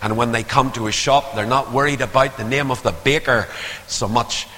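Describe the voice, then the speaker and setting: An older man preaching a sermon, swinging from hushed asides to loud, rising appeals. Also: mid-range voice, fairly even intonation, normal speed. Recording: long hall reverb.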